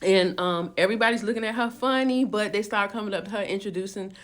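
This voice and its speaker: A woman's voice: mid-range voice, quick pace. A woman casually telling a dramatic story to her viewers, chatty and repetitive, acting out what people said. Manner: chatty retelling with repeated words and acted quotes.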